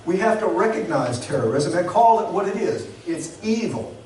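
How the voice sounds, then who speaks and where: A pastor delivers a sermon in an earnest, measured manner, using pauses for emphasis, yet he is very animated. His somewhat high, darkish voice is picked up from a distance and rings through a very echoey church sanctuary over a faint hiss.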